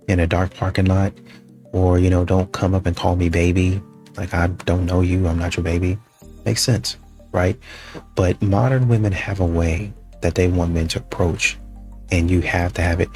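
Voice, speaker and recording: Man, very low voice, conversational, wry, faint music. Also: darkish tone. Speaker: commentator.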